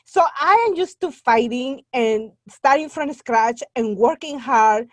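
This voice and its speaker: A woman's voice: high-pitched, lively intonation, unhurried, dry recording. A woman from Guatemala with a Guatemalan Spanish accent, a native Spanish speaker, talking earnestly and from the heart as a podcast guest. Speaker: guest, membership site owner. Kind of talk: casual podcast interview.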